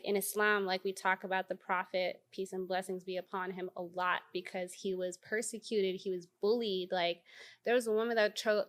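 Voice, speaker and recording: A woman, an activist guest telling blunt, profane stories in a candid interview. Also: mid-range voice. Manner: blunt, profane, animated storytelling.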